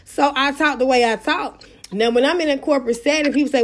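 A woman's voice: sits high, fast. A woman hosting a casual live-audio show on an app, talking bluntly and emphatically with plenty of slang. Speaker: host of an app radio show.

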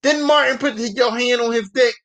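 A man with a high voice recapping a TV series in loose, profane slang. He rambles and repeats himself as he tells it. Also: steady tone, normal speed, fairly bright tone. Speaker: podcast host. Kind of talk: casual TV recap.

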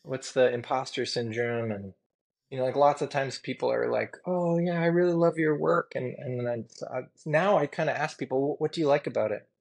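Speaking fairly quickly in a gravelly, mid-range voice, a male tattoo artist guest shares candid stories during an interview. He rambles earnestly and emotionally, leaning heavily on fillers like "you know" and "like."

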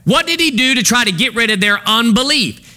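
Posing fill-in-the-blank questions to his congregation, a male pastor preaches in a high, strikingly bright voice that stays sharp and forward. His intonation is lively and his pace fairly quick.

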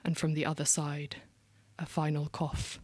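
A woman with a southern English RP accent from London performing dark spoken word poetry, dropping some lines to a hushed whisper. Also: deep voice, little pitch movement, measured pace, dry recording. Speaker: poet, guest.

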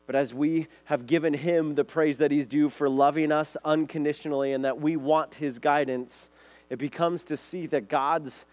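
A man's voice: a little high, a little mellow, dry recording. A man preaching a sermon as pastor, earnest, reading scripture aloud to his congregation.

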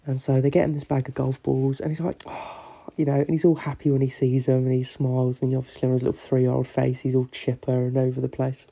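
A man's voice: mid-range voice, monotone, quick pace, creaky, few pauses, dark tone. A man hosting a podcast, telling a long joke in a rambling, casual way full of fillers. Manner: rambling, filler-heavy storytelling. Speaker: podcast host.

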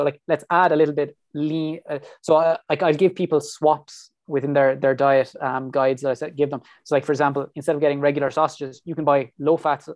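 A man's voice: a little high, no echo. Chatty young man, very dry sound. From Ireland. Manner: chatty, lots of fillers and restarts. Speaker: PhD researcher guest. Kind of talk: casual interview chat. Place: home.

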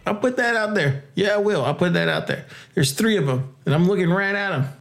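A man hosting a casual crypto podcast, hyped and joking, laughing often and jumping into high exclamations. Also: expressive, brisk, gravelly, fairly bright tone. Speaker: podcast host.

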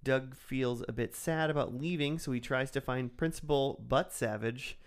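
A podcast co-host recaps a cartoon episode, rambling casually with lots of fillers. His voice is smooth and medium-pitched, delivered at a moderate pace.

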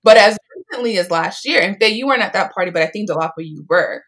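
A woman's voice: mid-range voice, animated, quick pace, a bit bright. Woman in her twenties, chatty storyteller who voices the people she quotes. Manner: chatty, lots of "like", acts out quotes. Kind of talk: casual storytelling.

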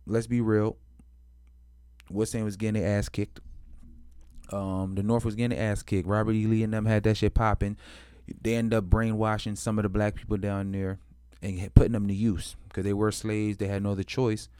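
A man with a low, smooth, mellow voice tells a history story in loose street slang, swearing freely and restarting his sentences. He acts out both sides of the story in quoted voices. The sound is dry and close. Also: little pitch movement, moderate pace, dry recording. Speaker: history commentator. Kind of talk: casual history talk.

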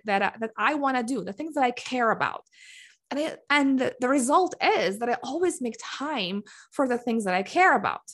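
Lively high-voiced woman giving motivational talk. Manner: earnest, repeats "right?" and "like". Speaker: mom life coach.

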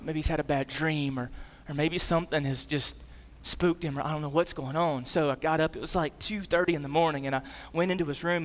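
A pastor, male and in his thirties, preaches a story-driven sermon with a fairly high voice for a man. Bursts of energetic emphasis give way to hushed, low passages, all wrapped in the lingering echo of a large hall.

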